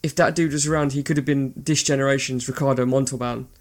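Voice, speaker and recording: A man talking about actors he admires, earnest and heartfelt, now and then swearing. His pitch is in the middle range. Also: steady tone, fast talker. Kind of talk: casual film chat.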